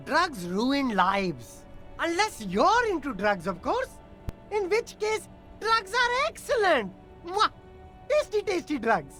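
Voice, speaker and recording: Brief: streamer playing a cheeky, high, sing-song street vendor who dodges questions, with faint music behind. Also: female voice, sing-song, slow pace, fairly bright tone, heavily acted. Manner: playful, sing-song, exaggerated. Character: chirpy, evasive street vendor. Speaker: streamer voicing game dialogue.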